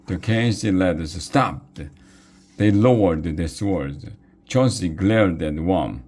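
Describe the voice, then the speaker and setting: A man reading a children's chapter book aloud in an expressive, deliberate way. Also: sits low. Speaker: reader. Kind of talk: storybook read-aloud narration.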